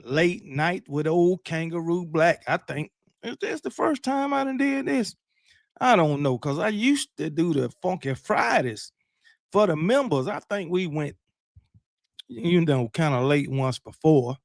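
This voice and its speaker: A man's voice: a little high, big pitch swings, measured pace, creaky, no room sound, clean studio sound. A man hosting a late-night live stream, chatting casually and greeting viewers from the chat. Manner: loud hype shouting, then laid-back reading of chat names.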